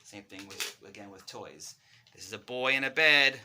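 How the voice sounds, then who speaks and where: A man's voice: medium pitch, normal speed, slight background noise. A man who works as a speech pathologist, giving parents a casual, friendly lesson and acting out playtime with toys. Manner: friendly, animated demonstrations with toys. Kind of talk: casual instructional talk to parents.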